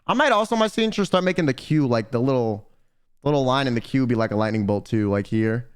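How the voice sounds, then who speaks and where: A young man streaming, telling stories in casual, profane, animated chat. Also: medium pitch, quick pace, clear, resonant tone.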